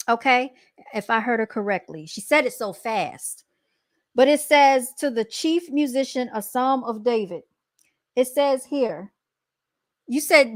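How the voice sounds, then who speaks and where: A woman hosting a casual reaction commentary, animated and emphatic, often calling out to her viewers. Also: high-pitched, unhurried, dry recording, studio quality. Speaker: commentary host.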